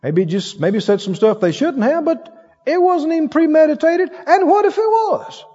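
A man's voice: very high voice, moderate pace. A man preaching a sermon, telling stories with laughs and acted-out voices. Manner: animated storytelling with laughs and acted-out quotes. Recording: dull sound with long hall reverb.

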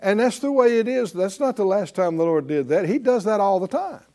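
A man's voice: high voice, lively intonation, a little fast, dark tone. A man preaching a sermon, building emphasis and drawing responses from his congregation. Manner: emphatic call-and-response preaching, rising in force. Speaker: pastor.

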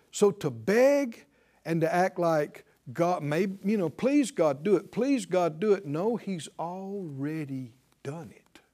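Emphatic preacher man with a lively pitch. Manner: emphatic, repeats key words, acts out pleading prayers. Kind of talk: sermon.

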